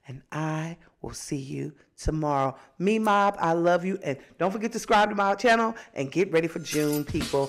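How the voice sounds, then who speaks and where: A woman hosting her own podcast, reacting to clips in a casual, preachy way, a little stuffy from allergies. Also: fairly low pitch. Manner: animated, preachy, sings a phrase, mimics voices. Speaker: podcast host. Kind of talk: casual commentary.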